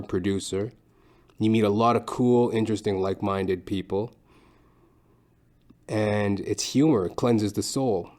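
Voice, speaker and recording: A man's voice: fairly low pitch, darkish tone. A man hosting his own podcast, talking in a loose, rambling monologue full of swearing and self-mockery. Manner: profane, rambling, self-mocking. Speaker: podcast host and stand-up comedian.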